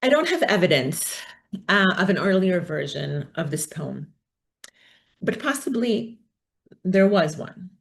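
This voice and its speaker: A woman's voice: on the low side, sing-song, unhurried, gravelly, long pauses. A woman giving an academic talk, thoughtful and hesitant, with many fillers. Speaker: academic speaker. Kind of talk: conference talk.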